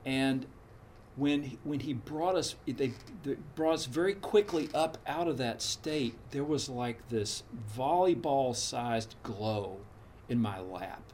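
A man's voice: medium pitch, takes it slowly, a little mellow, a little hiss or hum. Reflective older man telling a personal story. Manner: reflective, meandering, frank. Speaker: storyteller recounting his path to meditation.

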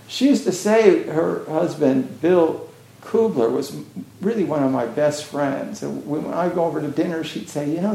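A man's voice: on the high side, creaky, warm tone. A man giving a casual, rambling Zen dharma talk, full of "you know" fillers. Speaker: Zen teacher. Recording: roomy echo.

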